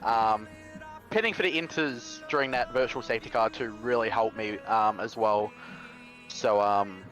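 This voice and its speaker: A man talking through his race in a relaxed, chatty way, with lots of ums. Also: lowish voice, moderate pace, soft background music, low-quality recording. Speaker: sim racing driver. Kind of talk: casual post-race interview.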